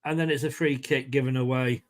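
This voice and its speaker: A man's voice: mid-range voice, fairly even intonation, a little fast. A man with an English accent hosting a fan watchalong, calling the play casually and chatting with viewers. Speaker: fan channel host. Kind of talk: live football watchalong commentary.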